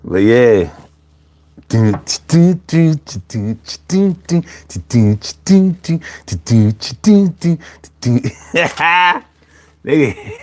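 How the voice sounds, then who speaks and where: A man hosting a casual live chat, animated and profane, laughing often as he talks. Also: a little high. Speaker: livestream host reading chat.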